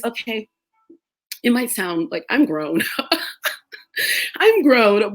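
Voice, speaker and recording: Animated young woman chatting on a live stream. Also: a little high. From United States. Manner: animated storytelling, laughs often, mimics others. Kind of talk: casual chat.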